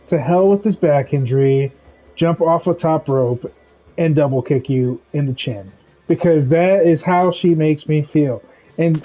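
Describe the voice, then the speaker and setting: A man's voice: on the high side, muffled recording. Rambling man ranting over faint music. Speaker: streamer. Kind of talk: casual chat while gaming.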